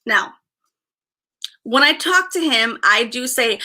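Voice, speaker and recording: A woman in her thirties talks casually to her livestream viewers in a bright, forward voice pitched a little high. She sighs often and circles back over her own words. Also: big pitch swings, moderate pace. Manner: chatty, sighing often, repeats herself. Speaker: vlogger.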